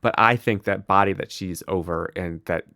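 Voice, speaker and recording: A man co-hosting a podcast, chatting casually and joking with a playful deadpan. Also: low-pitched, normal speed, vocal fry, no room sound, clean studio sound. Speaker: podcast co-host. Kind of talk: casual chat.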